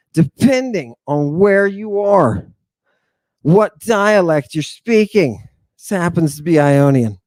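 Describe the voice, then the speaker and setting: A man hosting an animated lecture on word meanings, talking emphatically in an excitable, jokey, irreverent way. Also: high-pitched, dry recording. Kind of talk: animated lecture to an online audience.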